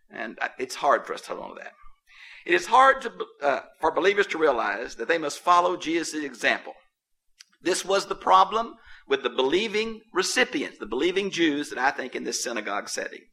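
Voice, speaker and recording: Guy teaching bible class, emphatic, kinda high voice, chuckles a lot. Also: normal speed. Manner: animated, emphatic, chuckles to himself.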